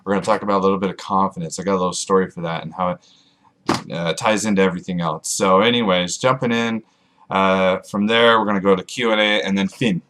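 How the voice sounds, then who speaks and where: Deep-voiced man rambling to camera. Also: fairly quick, slight background noise. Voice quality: monotone. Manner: self-mocking, rambling, jokey asides. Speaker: author vlogger. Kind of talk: rambling casual vlog to camera.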